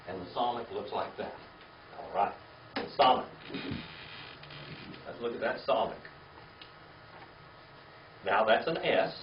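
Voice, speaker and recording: A man's voice: mid-range voice, slight background noise. Patient male Bible teacher, distant echoey recording. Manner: patient, checks in with "okay?" and "all right?". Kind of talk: classroom lecture. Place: church classroom with a live audience. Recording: roomy, distant, dull lo-fi room recording.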